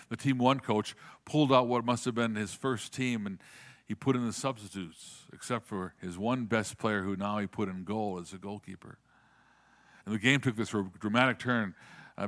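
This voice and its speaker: A man's voice: medium pitch, fairly bright tone. A man preaching a sermon, telling a story earnestly and repeating words as he starts sentences.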